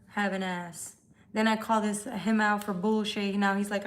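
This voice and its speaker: A woman's voice: mid-range voice, steady tone, moderate pace. A woman hosting a live tarot stream, talking bluntly and swearing as she calls out viewers. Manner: blunt, profane, confrontational. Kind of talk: casual live-stream chat. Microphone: phone.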